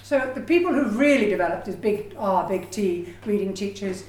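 A woman's voice: medium pitch, normal speed. Chatty woman lecturing in an echoey room. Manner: lively, chatty, with personal asides and acted quotes. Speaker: education researcher giving a talk. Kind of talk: lecture presentation.

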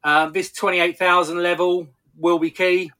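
A man talks through market charts as a podcast analyst, in a somewhat high, bright and tense voice. He explains step by step, stumbling now and then and restarting his sentences. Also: flat delivery, measured pace. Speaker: technical analyst.

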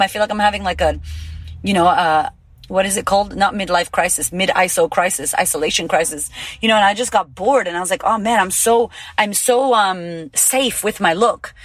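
A woman's voice: mid-range voice, no room sound. Woman in her 30s ranting motivational stuff on her podcast, swears a lot, punchy, super dry close sound. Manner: blunt, swears freely, emphatic and lively. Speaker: podcast host and confidence coach. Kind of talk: casual motivational monologue.

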